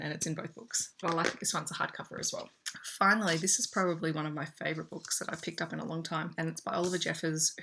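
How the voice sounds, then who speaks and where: A woman's voice: deep voice, creaky, a bit bright, husky. A young Australian woman and teacher talking through a book haul in a chatty, enthusiastic way. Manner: chatty, enthusiastic, shows pages to camera. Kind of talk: casual book haul chat.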